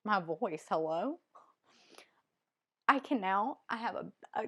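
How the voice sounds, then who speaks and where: A woman's voice: medium pitch, lively intonation, slow pace, pauses often, sharp tone, husky. A woman with a Southern US accent chatting casually as a book vlogger, rambling and hesitant with many ums. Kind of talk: casual chat.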